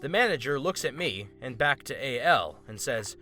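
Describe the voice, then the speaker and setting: A man narrating an online story aloud in an expressive, steady way. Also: mid-range voice, normal speed, soft background music.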